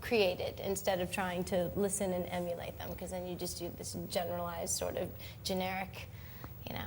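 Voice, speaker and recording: A woman's voice: fairly low pitch, level tone, normal speed, darkish tone, a little hiss or hum. A woman from the American South, a guest actress on a chat show, talking in a wry, easy-going way.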